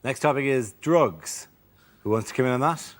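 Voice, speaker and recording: A man hosting a comedy panel show, briskly announcing each topic and calling on the next comedian. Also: mid-range voice, heavy background noise. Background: loud studio audience laughter.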